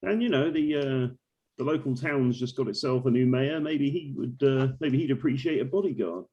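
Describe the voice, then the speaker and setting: Man, tabletop player, husky voice, dull lo-fi sound, teasing. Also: medium pitch, moderate pace. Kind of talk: in-character table talk.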